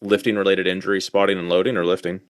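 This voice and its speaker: Low-voiced, fast, blunt man. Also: flat delivery, dry recording, studio quality. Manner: blunt, heavily profane. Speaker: podcast co-host. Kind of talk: casual chat.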